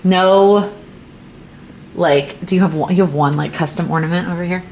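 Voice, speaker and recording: Low-voiced chatty young woman vlogging. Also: moderate pace, a little mellow, a little hiss or hum. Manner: chatty, filler-heavy, with frequent likes and ums. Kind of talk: casual chat to camera. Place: at home, indoors.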